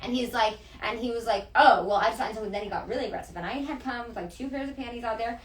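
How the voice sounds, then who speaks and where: A woman's voice: on the high side, quick pace. A woman telling a story in casual chat, swearing freely and acting out what others said. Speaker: podcast guest, dominatrix. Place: room with several people. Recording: echoey room, mic at a distance.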